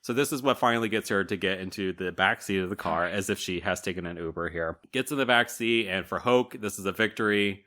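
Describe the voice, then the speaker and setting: A man co-hosting a casual movie podcast, retelling scenes with lively quoted voices and frequent laughter. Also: deep voice, brisk, hardly any pauses. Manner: animated retelling, jumping into quoted character voices; swears casually, laughs often. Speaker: podcast co-host. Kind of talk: casual movie recap chat.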